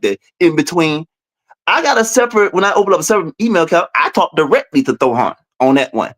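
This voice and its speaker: A man speaking as a guest over a video call, telling his story in an animated, profane way, dropping to low mutters and jumping to high exclaims.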